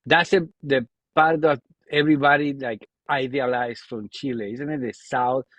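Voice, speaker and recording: A podcast host with an Argentine accent asks questions in English, his second language. He speaks at a middle pitch, often restarting sentences as he hunts for the right word. The recording is dry and close. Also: fairly even intonation, a bit bright, dry recording, rough recording. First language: Spanish. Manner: halting, often restarting and searching for words. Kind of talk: casual podcast interview.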